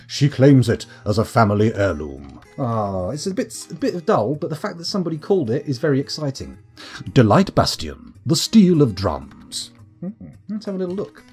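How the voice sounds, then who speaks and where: A man's voice: medium pitch, big pitch swings, fairly quick, few pauses, a little mellow, slightly rough, soft background music. A British man with a sore throat, chatting and joking self-deprecatingly as he streams a game live from home. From United Kingdom. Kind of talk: live let's-play commentary. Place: at home, upstairs room.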